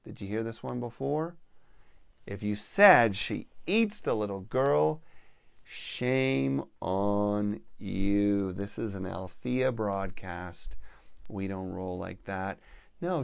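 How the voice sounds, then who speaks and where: A man telling a story to listeners with a spiritual theme, slow with playful asides. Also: on the low side, creaky, dry recording. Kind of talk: storytelling talk.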